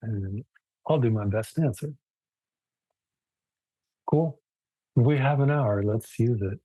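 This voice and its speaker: Husky-voiced man teaching a yoga class. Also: mid-range voice, slow pace, mellow, dry recording, poor audio. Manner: casual, thoughtful, many restarts and fillers. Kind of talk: relaxed live class lecture.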